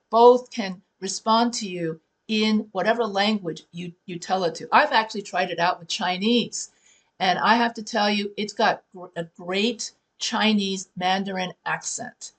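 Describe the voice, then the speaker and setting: A woman who teaches writing, talking her students through tips in a conversational way and correcting herself as she goes. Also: medium pitch. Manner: conversational, restarts and self-corrections. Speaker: writing professor. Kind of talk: classroom teaching talk.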